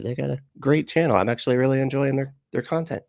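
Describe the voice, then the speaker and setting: A man's voice: medium pitch, big pitch swings, fast talker, few pauses, no room sound, clean studio sound. Man chatting with his livestream viewers. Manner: profane, laughs often, chats with viewers. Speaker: host. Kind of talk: casual livestream commentary.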